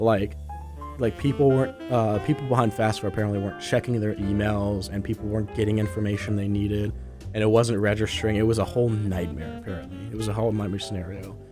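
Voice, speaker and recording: A young man hosting a student radio podcast, short of breath and congested, chatting loosely with many fillers before reading the news. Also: fairly low pitch. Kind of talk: casual chat, then news reading.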